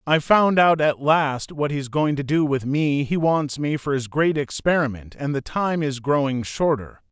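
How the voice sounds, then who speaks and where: A man's voice: on the high side, lively intonation, normal speed, clean tone, no echo, studio quality, natural voice. A male audiobook narrator voicing a terrified young woman who pleads in fear. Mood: hopeless. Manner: pleading, fearful. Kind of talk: audiobook character reading.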